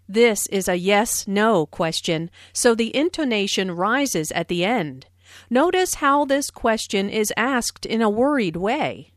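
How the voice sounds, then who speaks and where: A woman explains English expressions in a slow, careful lesson narration. Her fairly high voice rises and falls in a lively way. The close studio recording is dry, with no room sound. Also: no room sound. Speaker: language teacher.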